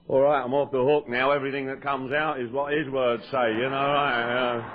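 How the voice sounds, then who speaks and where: A man's voice: medium pitch, level tone, normal speed, few pauses, slight background noise. Joking Englishman on an old tape. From England. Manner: joking, self-deprecating, stammering restarts. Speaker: recovery meeting speaker. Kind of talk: humorous personal talk to an audience. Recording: lo-fi 1990s cassette tape.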